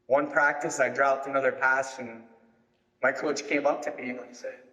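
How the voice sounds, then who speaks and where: A man's voice: medium pitch, little pitch movement, moderate pace, bright, forceful tone. A man, a football recruiting coach, giving a motivational keynote to a live audience, telling personal stories that build to emphatic punchlines. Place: large hall before a live audience. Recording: echoey hall with long reverb.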